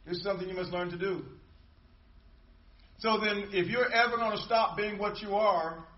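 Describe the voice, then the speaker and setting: Male pastor, sermon delivery, emphatic with repetition, a touch high-pitched, lo-fi room recording. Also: steady tone, normal speed, roomy sound, recorded from a distance. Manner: emphatic preaching with repetition and call-and-response.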